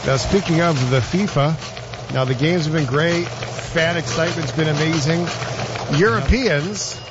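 A man's voice: fairly high pitch, normal speed, highs cut off, noisy background. A man hosting a casual radio-style show, joking playfully with his co-host.

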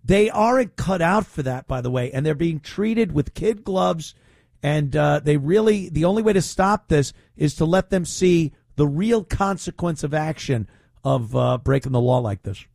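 A man's voice: a little high, expressive, normal speed, gravelly, darkish tone, dry recording, clean studio sound. A man hosting talk radio, speaking in a mocking, opinionated way. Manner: mocking, puts on whiny voices to ridicule. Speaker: radio talk show host.

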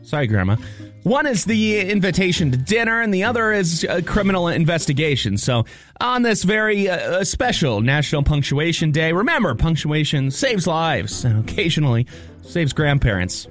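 Morning radio guy, kinda high voice, lively, light music behind. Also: moderate pace. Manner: upbeat, jokey. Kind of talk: radio banter. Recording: faint music bed.

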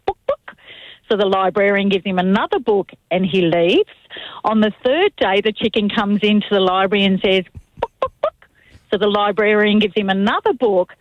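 A mother phoning in to a radio show, telling a long joke in a steady storytelling way. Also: medium pitch, dry recording. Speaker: caller. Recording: dull phone-line sound.

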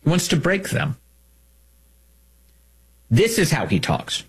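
American male commentary host, husky voice, emphatic monologue with lots of swings in pitch. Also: slow pace. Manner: animated and emphatic, with repeated phrases. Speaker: host of a political commentary show.

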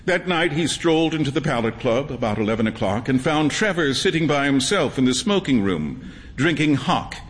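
A man narrating a storybook reading in an expressive, measured storytelling manner. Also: medium pitch. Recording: long hall reverb.

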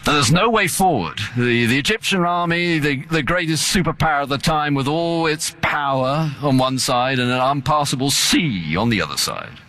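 A man preaching a sermon in an earnest, measured way. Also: fairly high pitch, lively intonation, bright, forceful tone.

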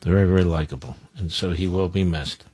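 A man's voice: deep voice, a little fast, a little mellow, slightly rough, no room sound. A man hosting a talk radio show, speaking bluntly and combatively in an opinionated monologue.

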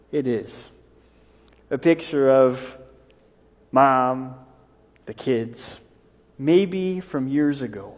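Man preaching in a reverberant church. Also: a little high. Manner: storytelling, builds in waves then drops to a hush. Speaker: pastor. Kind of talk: sermon.

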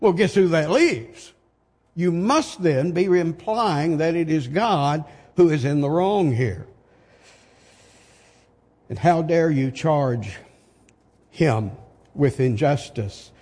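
A husky, higher-pitched older man preaches at a deliberate, unhurried pace, pressing his points with rhetorical questions. His voice rings with the long reverb of a large hall. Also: lively intonation, darkish tone. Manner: slow, emphatic, asks rhetorical questions. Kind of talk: sermon.

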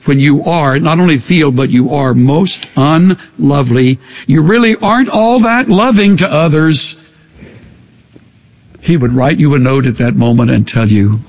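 A man preaching a sermon in an earnest voice that falls to a hush on tender lines. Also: medium pitch, long reverb tail. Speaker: pastor.

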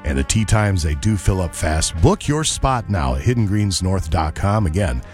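Animated low-voiced male radio host. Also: moderate pace, soft background music. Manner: chatty, animated, wry. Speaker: radio morning show host. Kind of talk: casual radio banter and live reads.

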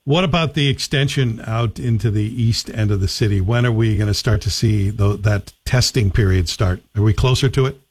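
A man's voice: lowish voice, moderate pace, few pauses, darkish tone, husky, dry recording. A man hosting a talk radio show, asking questions and reflecting in a conversational way. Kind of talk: radio interview.

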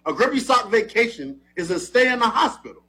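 A man co-hosting a show, teasing in casual banter, with his voice jumping up when he gets excited. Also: a little fast. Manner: animated, teasing, jumps up in pitch when excited. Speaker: co-host.

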